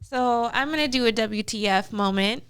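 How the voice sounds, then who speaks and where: A young woman with a high, smooth, clear voice tells a story on a casual podcast. She is animated and breaks into laughter often as she talks. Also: normal speed. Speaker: podcast co-host.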